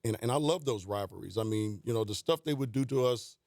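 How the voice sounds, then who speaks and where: Animated man telling studio stories. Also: medium pitch, brisk, no room sound. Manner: animated anecdotes, quoting players, laughing. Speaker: guest, former basketball coach. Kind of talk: storytelling in a radio interview. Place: radio studio. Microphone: studio mic.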